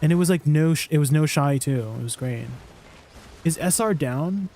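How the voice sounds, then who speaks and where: A man's voice: a little high, normal speed, mellow, a little hiss or hum. A man chatting casually on a game live stream, answering viewers' questions and laughing at himself. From Canada.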